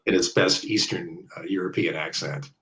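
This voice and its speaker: A man in his fifties from the American Midwest talks in a very low voice. He rambles through stories in casual interview chat, full of fillers and side tangents. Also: fairly even intonation, normal speed, gravelly, pushed and bright, low-quality recording. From Iowa, US Midwest. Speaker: guest bowler.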